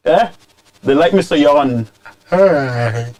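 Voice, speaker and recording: A man hosting political commentary, scolding and animated, dropping into Creole phrases. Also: on the high side, slow pace, a little hiss or hum. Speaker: commentary show host.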